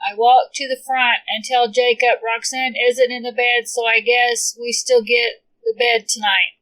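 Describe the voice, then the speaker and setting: Bright, steady woman narrator. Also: a little high, measured pace, rough recording. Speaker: audiobook reader. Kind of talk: first-person story narration.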